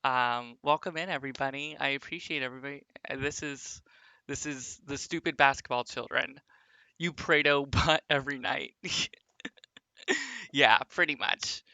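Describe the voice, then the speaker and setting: A man's voice: mid-range voice, fairly even intonation, moderate pace, sharp tone, no room sound. A man streaming a basketball simulation game, rambling casually with viewers and full of fillers. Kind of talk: casual live-stream commentary over a basketball sim.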